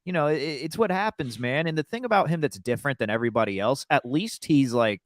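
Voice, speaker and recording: A man's voice: mid-range voice, expressive, fast, no echo, studio quality. A man co-hosting a podcast, rambling through casual sports chat with many restarts. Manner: rambling, lots of fillers and restarts. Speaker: podcast co-host.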